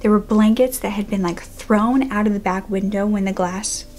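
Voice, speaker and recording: Speaking at normal speed in a medium pitch, a young woman recounts a childhood true-crime story for her YouTube audience. Her delivery is casual and lively, slipping into a whisper when things get tense.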